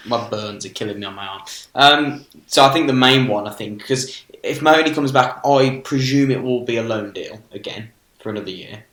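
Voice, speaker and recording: A British man co-hosting a podcast, talking in a relaxed, matter-of-fact way with dry retorts. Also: medium pitch, normal speed, few pauses. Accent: British English. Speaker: podcast co-host. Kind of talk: casual chat. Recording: echoey room.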